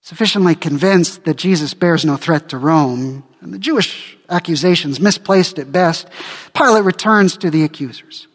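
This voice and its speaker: A man's voice: a little high, normal speed, in a large hall. A male pastor preaching a sermon dramatically, acting out the quoted speakers.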